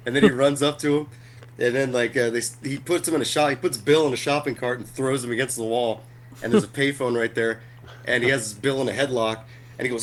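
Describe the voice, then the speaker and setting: A man's voice: medium pitch, quick pace. Male podcast co-host, casual storyteller who laughs mid-sentence. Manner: animated retelling of a comedy skit, laughing along. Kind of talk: casual chat.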